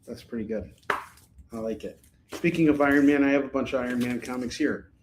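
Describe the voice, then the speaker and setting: A man's voice: medium pitch, fairly even intonation, fairly quick, heavy background noise. A man hosting a live online shopping show, chatting casually and reading out items and prices in an upbeat way. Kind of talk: casual live-stream selling.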